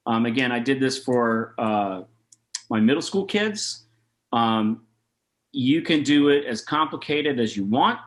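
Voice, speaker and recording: A man in his thirties teaches jazz rhythm in an easygoing, chatty way over a video call, at a middle pitch. He talks loosely, with plenty of fillers, and scats rhythms aloud to show them. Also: a bit bright. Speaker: jazz saxophone clinician. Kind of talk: online master class talk.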